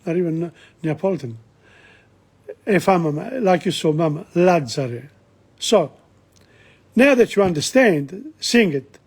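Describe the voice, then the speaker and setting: A man's voice: a little high, expressive, measured pace, slightly rough. A man teaching an informal language lesson, explaining Neapolitan song lyrics line by line with frequent restarts and asides.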